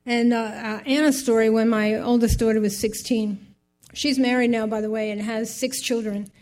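A woman's voice: a little high, fairly even intonation, moderate pace, darkish tone. An older woman giving a heartfelt personal faith testimony, rambling through her story with many asides.

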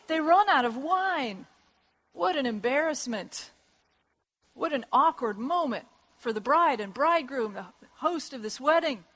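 High-voiced woman preaching a lively sermon. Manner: lively storytelling with acted voices and laughs.

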